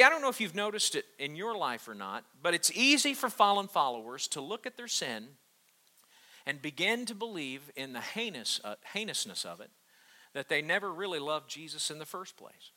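A man delivers a sermon in a high, strikingly bright voice. He builds to emphatic, fervent peaks, then drops to hushed, drawn-out lines. He restarts and repeats words as he preaches. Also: big pitch swings. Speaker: pastor.

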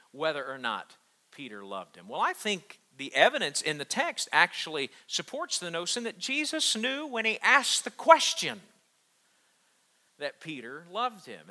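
A man delivers a sermon in a high, strikingly bright voice. He builds to emphatic, fervent peaks, then drops to hushed, drawn-out lines. He restarts and repeats words as he preaches. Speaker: pastor.

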